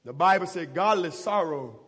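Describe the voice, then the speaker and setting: A man preaching a sermon in a church, impassioned and rising to shouts. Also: on the high side, animated, moderate pace, slightly rough. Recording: long reverb of a church hall.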